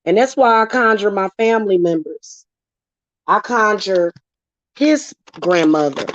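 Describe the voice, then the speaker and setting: A witchcraft vlogger, medium-pitched with lively intonation and speaking a little slowly, vents heatedly and emotionally in a casual vlog, swearing freely about spiritual work. The recording is dry, dull and lo-fi, without echo.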